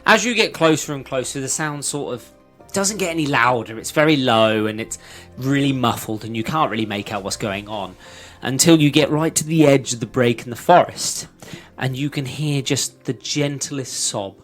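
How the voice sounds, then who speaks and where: A man's voice: mid-range voice, faint music behind. Man narrating as game master. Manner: descriptive, unhurried narration.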